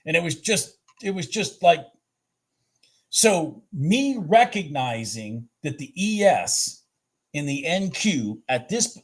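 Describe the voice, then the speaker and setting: A man hosting a trading channel, reviewing his live trades on charts in a lively, swearing, self-talking way. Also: fairly high pitch. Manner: animated, swears and talks to himself about the charts.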